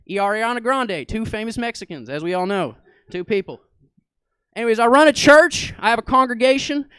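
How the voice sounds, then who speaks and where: A man with a very high, smooth, clear voice delivers a rambling character monologue on a comedy stage. His tone is mock-authoritative, and he keeps turning to the crowd for agreement. The sound is dry and close, with little room echo. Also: lively intonation, fairly quick, sharp tone. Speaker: stand-up comedian.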